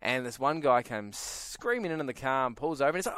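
A woman co-hosting a podcast in casual chat, telling a story with lively acted-out quotes. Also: rumbling low, fast talker, hardly any pauses, no room sound, clean studio sound. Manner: animated storyteller, acts out quotes. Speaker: podcast co-host.

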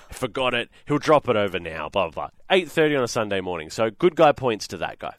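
Lively Australian man telling a story. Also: fairly low pitch, fast, few pauses, dry recording, studio quality. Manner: animated, rambling retelling with "blah, blah". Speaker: radio host. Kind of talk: casual storytelling chat.

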